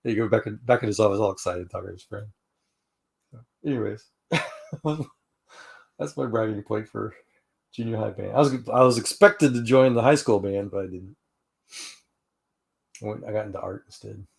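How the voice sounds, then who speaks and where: A man's voice: lowish voice, moderate pace, gravelly, pauses often. A middle-aged man from Houston hosting a casual online chat, telling a story in a rambling way with many restarts and "you know"s, and laughing now and then. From Houston, Texas, US. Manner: laughs while telling stories. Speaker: host of an online fellowship chat.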